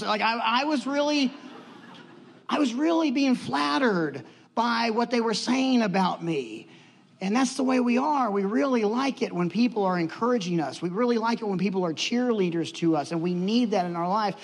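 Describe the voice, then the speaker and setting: Male preacher, high-pitched, storytelling sermon style, animated delivery, long hall echo. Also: normal speed, husky. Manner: animated storytelling, acts out quotes.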